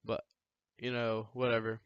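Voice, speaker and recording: A teenage channel host tells enthusiastic, rambling stories into a desk microphone in a casual, animated chat. His medium-pitched voice is clear and resonant at a measured pace, with no room sound and lo-fi audio.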